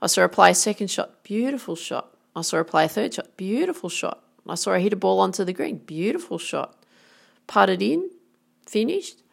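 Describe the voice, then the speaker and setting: A woman's voice: medium pitch, big pitch swings, normal speed, vocal fry, husky. A middle-aged woman golf coach, giving an earnest, emphatic motivational talk.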